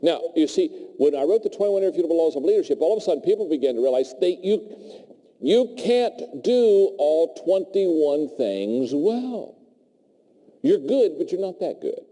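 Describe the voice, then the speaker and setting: A man's voice: fairly high pitch, normal speed. A man giving a motivational leadership talk in a large hall, telling stories and acting out the dialogue. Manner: animated storyteller who acts out dialogue. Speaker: leadership speaker. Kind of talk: motivational speech. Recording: long hall reverb.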